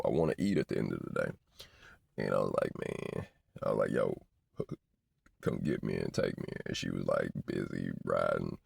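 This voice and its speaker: A man in his forties tells loose, slang-heavy stories, looping back on himself. His voice is extremely deep and gravelly with a husky edge. The delivery swings in pitch, and the sound is dry and close. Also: dry recording. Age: 40s. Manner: rambling, slangy, repeats "you know what I'm saying". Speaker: vlogger. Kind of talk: casual storytelling.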